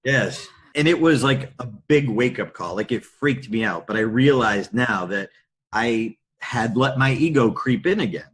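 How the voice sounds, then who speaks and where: A middle-aged man, a podcast guest and public speaker, telling candid stories in a lively anecdotal way. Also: medium pitch, measured pace, a little hiss or hum. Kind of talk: storytelling in a podcast interview.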